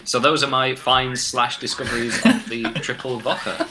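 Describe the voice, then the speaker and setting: A man's voice: mid-range voice, fairly even intonation, moderate pace, noisy background. A man co-hosting a podcast, talking casually and making dry, wry jokes with chuckles. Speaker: podcast co-host. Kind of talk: casual chat.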